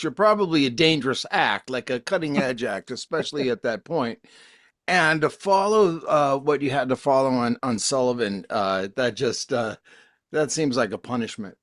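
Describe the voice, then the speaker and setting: A man's voice: a little high, normal speed, a bit bright, no echo. Dry-sounding male co-host, eager. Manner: eager, affirming reactions with laughs. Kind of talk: casual interview chat.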